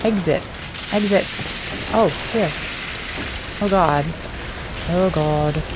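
A woman's voice: on the low side, takes it slowly, noisy background. Jittery young woman narrating her gameplay. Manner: talks to herself, jittery and reactive. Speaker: gameplay streamer. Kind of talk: casual let's play commentary.

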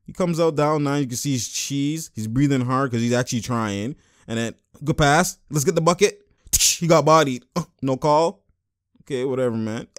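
A man giving a casual, excitable breakdown of basketball game footage, with lots of slang and exclamations. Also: medium pitch, moderate pace, no room sound, studio quality. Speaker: basketball commentator.

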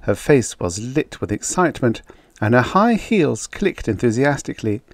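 A man narrates a vintage science fiction short story in a measured, storytelling style. His pitch moves expressively. The recording is dry and close. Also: very animated, no room sound. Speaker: audiobook narrator.

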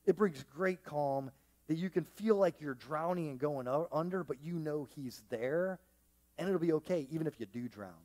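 A male pastor preaching a sermon to his congregation, animated and joking, swinging between hushed and loud. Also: fairly high pitch, moderate pace. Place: church with a live congregation.

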